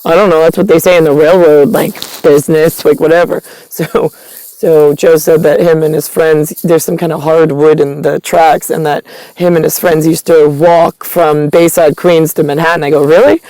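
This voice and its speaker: Rambling woman with a creaky voice. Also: low-pitched, level tone, moderate pace, warm tone, no room sound, low-quality recording. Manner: rambling, full of fillers and restarts; retells conversations with quoted dialogue. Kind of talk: rambling personal monologue.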